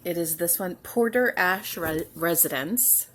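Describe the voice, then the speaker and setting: Slow, husky-voiced woman chatting. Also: fairly low pitch. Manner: chatty and tired, trailing off with soft asides. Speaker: cross-stitch video host. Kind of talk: casual chat to camera. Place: at home.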